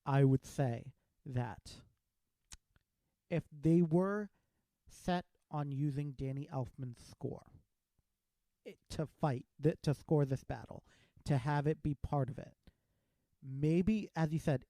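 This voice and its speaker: A man's voice: a little high, measured pace, pauses often, mellow, no room sound. A man hosting a podcast, chatting casually as he reviews a film and retells its scenes with quoted lines. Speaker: podcast host.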